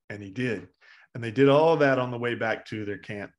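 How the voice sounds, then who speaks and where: A man's voice: medium pitch, moderate pace. Man telling a story in a dharma talk. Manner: casual, rambling, with frequent uh and restarts. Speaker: Zen teacher.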